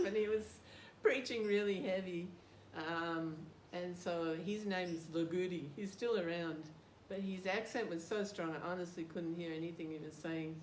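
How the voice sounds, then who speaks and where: In a casual interview, an older Australian woman who is a devotee recounts a story, laughing and joking at her own expense. Her voice sits on the low side, at normal speed with hardly any pauses. There's background noise, and the room sounds spacious.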